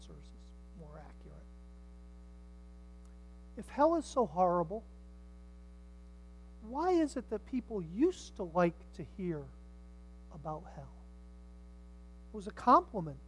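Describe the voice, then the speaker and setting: An older man preaching a sermon, swinging from hushed tones to shouts and acting out the people in his stories. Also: high-pitched, lively intonation, measured pace, long pauses, a little hiss or hum, rough recording. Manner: dramatic, swings from hushed to shouting, acts out voices.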